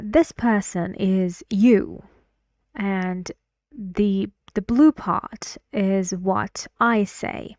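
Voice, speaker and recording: A woman's voice: medium pitch, darkish tone, dry recording, clean studio sound. A woman teaching an English pronunciation lesson, repeating words and sentences to model stress and falling intonation.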